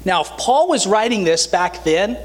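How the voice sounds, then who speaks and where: A man preaching a sermon as the pastor of a church, earnest and animated, with light humor. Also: high-pitched, moderate pace. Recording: long reverb of a church hall.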